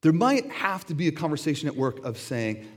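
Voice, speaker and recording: Middle-aged male pastor, casual and animated sermon, slightly high voice, playful quoted asides. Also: a little fast.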